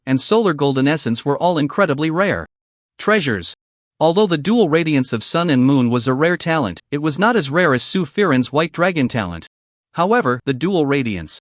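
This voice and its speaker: A man narrates a story recap, reading every line of dialogue in his own voice. His pitch sits a little high and moves a lot. The sound is dry and close, with no room around it. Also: no echo. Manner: even storytelling delivery, reads all dialogue in his own voice.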